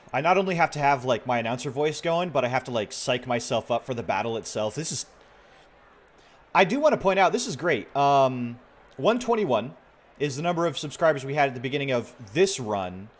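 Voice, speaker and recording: A man streaming a video game, chatting casually with his viewers in a soft-spoken way, with sentences that often trail off quietly. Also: medium pitch, sing-song, moderate pace. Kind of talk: casual gameplay stream chat.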